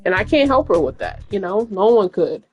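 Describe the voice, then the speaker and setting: Poor audio with faint music behind captures a woman streamer telling a long, meandering story as she plays at home. Her mid-range voice is sing-song, a little fast and a little mellow, and she talks frankly, filling her speech with "like" and "you know."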